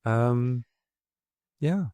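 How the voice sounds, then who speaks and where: A man's voice: medium pitch, lively intonation, drawn-out words, mellow, clean tone, no echo. A middle-aged man speaking frankly and with exasperation as a podcast guest, swearing freely as he tells his story. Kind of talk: candid conversational storytelling.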